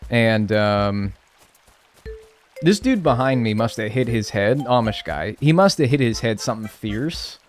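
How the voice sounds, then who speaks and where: A man streaming a video game, talking loosely and joking as he plays. His voice swings up and down with lively energy, and faint game music runs underneath. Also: mid-range voice, unhurried. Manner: rambling, animated and joking. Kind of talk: casual live-stream gaming chat.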